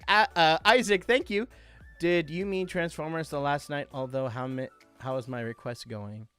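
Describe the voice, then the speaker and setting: A man's voice: on the high side, normal speed, a bit bright, clear, resonant tone, soft background music. A young man hosting a live stream, chatting casually and reading out viewer requests. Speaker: livestream host doing voice impressions.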